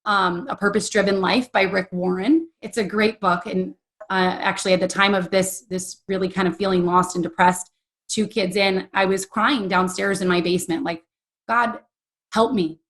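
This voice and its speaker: A woman's voice: mid-range voice, steady tone, moderate pace, fairly bright tone. A woman in her forties, an interview guest telling a candid personal story in an earnest, emotional, chatty way with many fillers. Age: 40s.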